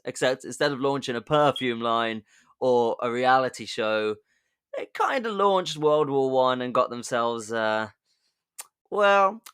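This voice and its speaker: A man telling history as a comedy podcast host. His voice sits at an ordinary middle pitch, and he chats along loosely, throwing in jokey asides and sudden emphatic bursts. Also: fairly bright tone, clear, resonant tone.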